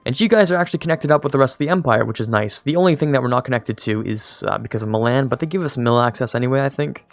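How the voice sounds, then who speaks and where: A man's voice: mid-range voice, rapid-fire, creaky, hardly any pauses, no room sound, faint music behind. A young man streaming a strategy game, rambling casually, mocking himself and talking to his units. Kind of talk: casual gameplay commentary.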